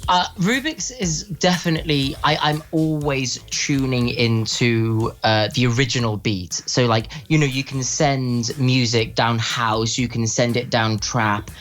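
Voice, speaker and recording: A man's voice: medium pitch, a little slow, few pauses, a bit bright, soft background music. A young man from London with a British accent, a guest musician chatting playfully on a radio interview. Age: young adult. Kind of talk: casual on-air interview.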